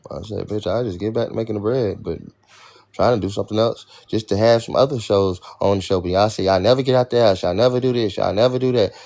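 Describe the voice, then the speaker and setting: A man's voice: on the low side, steady tone, quick pace, vocal fry, darkish tone. A young man hosting a livestream, venting in an irritated, profane rant to his chat. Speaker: livestream host. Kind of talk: ranting livestream talk to chat.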